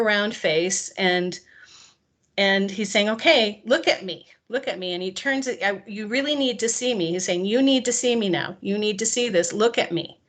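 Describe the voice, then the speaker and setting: A woman guest tells her own story with energy and drama. She slips in and out of the voices of the people in it. Her voice sits at a middle pitch. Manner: animated, acts out quoted dialogue. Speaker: interview guest. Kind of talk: personal storytelling.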